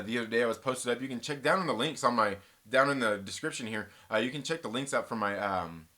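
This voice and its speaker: A laid-back man chatting on a live stream, loose and rambling, laughing easily between comments. His voice is bright and forward, sitting at an ordinary pitch for a man. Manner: laid-back, rambling, reads chat aloud and laughs often. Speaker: channel host. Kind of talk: casual live-stream chat.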